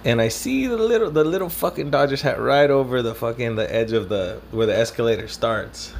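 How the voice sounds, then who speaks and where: A man's voice: mid-range voice, lively intonation, brisk, vocal fry, a little hiss or hum. A young man from Southern California casually telling a story, rambling and swearing, slipping Spanish slang into his English.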